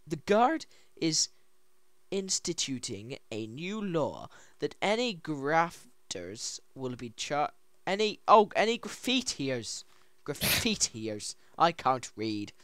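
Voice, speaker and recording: Giggly let's play commentator, voice wearing hoarse, swings in pitch, dry close sound. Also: no room sound. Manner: excitable, giggly, reads signs aloud. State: voice going hoarse. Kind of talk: casual gameplay commentary.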